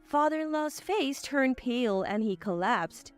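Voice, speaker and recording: A woman narrating a family drama story in the first person, in a steady storytelling manner. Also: high-pitched, measured pace, faint music behind.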